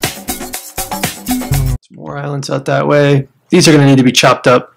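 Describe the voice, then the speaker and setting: An American man giving casual commentary on a survival game, chatting and explaining each step to viewers as he plays, sometimes breaking into loud startled exclamations. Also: mid-range voice, big pitch swings, measured pace, gravelly, faint music behind. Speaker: gamer showing a survival game.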